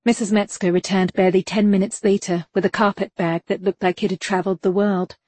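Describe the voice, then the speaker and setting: A woman narrating a novel in an even, measured storytelling voice. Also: mid-range voice, dry recording. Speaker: audiobook narrator. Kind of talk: scripted audiobook narration.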